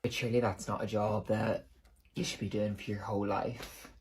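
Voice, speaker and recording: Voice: mid-range voice, flat delivery, moderate pace, a little mellow, a little hiss or hum, close to an everyday voice. Someone playing a patronizing British career snob. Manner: patronizing, pushy questions. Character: condescending adult questioning a barista's career. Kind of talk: comedy skit.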